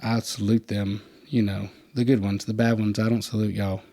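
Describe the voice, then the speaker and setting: A man, hosting a podcast and telling stories in a casual, animated way, putting on higher voices for the people he quotes. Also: moderate pace. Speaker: podcast host. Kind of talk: casual storytelling chat.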